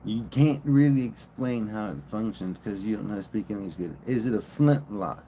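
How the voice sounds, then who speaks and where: A man's voice: on the low side, animated, moderate pace, mellow, slight background noise. A man streaming live, rambling and joking in casual chat and swearing freely.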